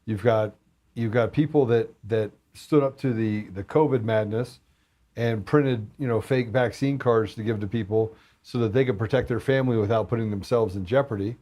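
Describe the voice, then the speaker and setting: A man's voice: fairly low pitch, moderate pace, dark tone. A man talking as a podcast guest in casual chat, blunt and heated, with some swearing.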